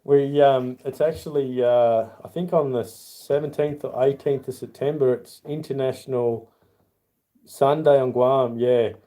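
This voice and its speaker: A man's voice: medium pitch, steady tone, unhurried, warm tone. An Australian man hosting a casual livestream, rambling in a friendly way as he answers chat by name and calls people mate. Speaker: livestream host.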